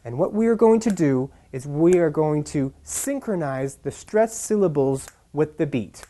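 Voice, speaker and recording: A man teaching English pronunciation in a scripted lesson, speaking deliberately and stressing key syllables. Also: a little high, animated, mellow.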